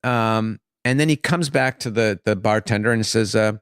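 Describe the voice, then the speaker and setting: A man telling a long joke in casual conversation, halting with many fillers and restarts. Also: on the low side, fairly bright tone, smooth, no echo, studio quality.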